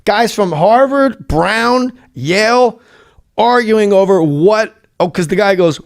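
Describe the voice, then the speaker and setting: Animated man telling a comedy story. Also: high-pitched, takes it slowly, dry recording, studio quality. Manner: animated, acts out voices in his stories. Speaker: guest comedian. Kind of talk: storytelling in casual chat.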